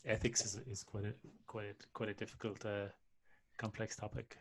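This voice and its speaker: Halting male interviewer asking questions. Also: lowish voice, flat delivery. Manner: halting, searching for words, trailing off quietly. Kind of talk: conversational interview.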